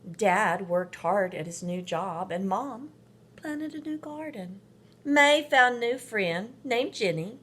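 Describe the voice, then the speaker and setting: Slow, expressive woman reading a story. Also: fairly high pitch, a little hiss or hum. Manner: slow, expressive, shifts to whispers. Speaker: parent reading to her children. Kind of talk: storybook read-aloud.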